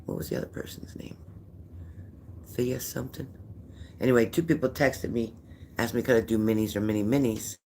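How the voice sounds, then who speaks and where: A man's voice: medium pitch, fairly even intonation, a little fast, long pauses, a little mellow, slight background noise. An older man hosting a psychic livestream, tired and chatty, rambling and greeting viewers by name. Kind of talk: casual livestream chat reading viewer comments.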